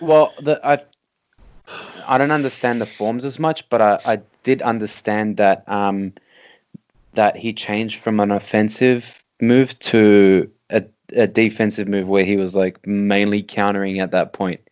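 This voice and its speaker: A man's voice: fairly low pitch, fairly even intonation, a little slow, darkish tone, clean tone. A man in a casual podcast chat, tentative, with many fillers and questions. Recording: dull, lo-fi sound.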